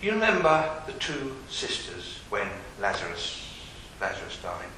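A man preaching a sermon, asking his listeners pointed questions and dropping from loud to hushed. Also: lowish voice, huge pitch swings, measured pace. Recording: very echoey hall with faint hiss.

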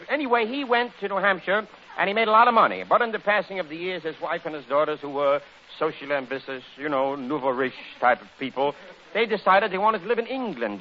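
A man on an old radio show, running through a chatty comic monologue. His voice leaps around in pitch as he rambles from gag to gag. The recording is dull and lo-fi, with a faint hiss underneath. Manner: rambling, jokey storyteller with a lively, animated delivery. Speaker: radio comedian. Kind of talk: comic monologue and one-sided phone sketch.

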